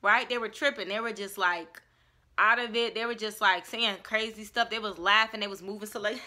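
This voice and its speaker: A young woman telling a casual story-time vlog in an animated, chatty way, full of "like". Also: medium pitch, brisk, a little hiss or hum. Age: young adult. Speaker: vlogger.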